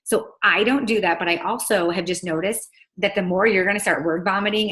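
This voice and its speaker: A woman's voice: mid-range voice, steady tone, fairly bright tone. Chatty, emphatic young woman coaching. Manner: fast, chatty, emphatic, full of "like" and acted-out quotes. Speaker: team coach on a call. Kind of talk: casual coaching call.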